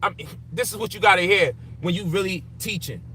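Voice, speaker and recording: A man's voice: high voice, a little fast, sharp tone. A man ranting in frustration, profane and emphatic, with faint background noise. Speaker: commentator. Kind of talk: frustrated personal rant.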